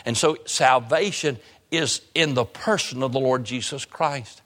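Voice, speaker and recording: A man's voice: medium pitch, fairly bright tone. Man preaching in a reverberant church. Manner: preaching with repetition and sudden slow emphasis. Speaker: pastor. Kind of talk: sermon. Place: church sanctuary. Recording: long hall reverb.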